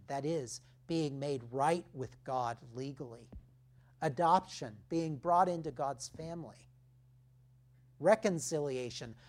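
A man preaching a sermon, emphatic, dropping his voice low for key phrases. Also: darkish tone. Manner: slow, emphatic preaching with dramatic drops in volume.

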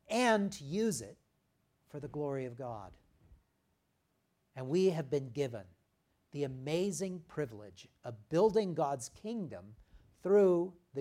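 A male pastor delivering a sermon, reading scripture and then explaining it conversationally with occasional "uh" pauses, rising for emphasis and dropping soft at the ends of phrases. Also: medium pitch.

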